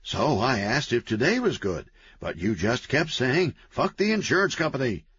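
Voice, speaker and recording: A man's voice: medium pitch, big pitch swings, fairly bright tone, slightly rough, dry recording, pitched above the performer's own voice, exaggerated voice. A man voicing a manic, chatty, cheerful antihero man who talks gleefully and wheedles. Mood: persuasive. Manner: gleeful, fast-talking, wheedling. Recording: dull, lo-fi, dry.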